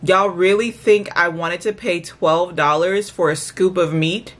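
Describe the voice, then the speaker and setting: Chatty woman vlogger, lower voice. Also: steady tone, a little slow, fairly bright tone, a little hiss or hum. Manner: chatty, exasperated, ranting; talks straight to viewers. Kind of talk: casual chatty vlog.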